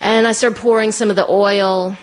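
A woman telling a personal story in a chatty way, full of "like" and "you know", jumping up high when she acts out voices. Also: normal speed. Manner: lively, acts out quoted voices in a much higher pitch.

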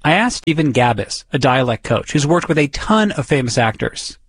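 A man's voice: mid-range voice, sing-song, normal speed, slightly rough, dry recording. A man from the Boston area hosting and narrating a documentary podcast in a wry, conversational way. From Boston area, USA. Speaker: podcast host.

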